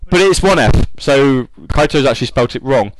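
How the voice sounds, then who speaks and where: A man's voice: medium pitch, expressive, normal speed, no room sound, poor audio. A British man hosting an online radio show, rambling and joking at his own expense in casual chat. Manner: rambling, jokey, self-mocking.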